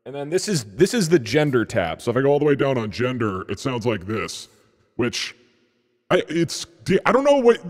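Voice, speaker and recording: Excitable joking male streamer, dry mic. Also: a little high, dry recording. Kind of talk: casual live-stream chat.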